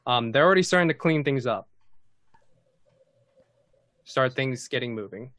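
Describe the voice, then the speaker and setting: A man narrating and running a tabletop game as game master, in a relaxed way with many fillers. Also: medium pitch, moderate pace, dry recording.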